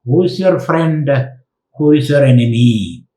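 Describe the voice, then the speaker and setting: A man's voice: mid-range voice, animated, a little slow, dark tone, voice pushed down, close to an everyday voice. A man doing a wise little mouse in an echoey room. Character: small wise mouse, cautious and shrewd. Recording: roomy echo.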